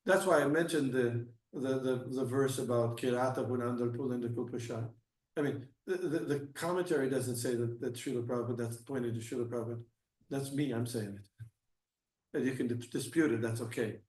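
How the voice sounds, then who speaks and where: A man giving a scripture class and answering questions, halting with frequent restarts, then growing emphatic. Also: mid-range voice, darkish tone. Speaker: class speaker. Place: temple hall. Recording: echoey room, mic at a distance.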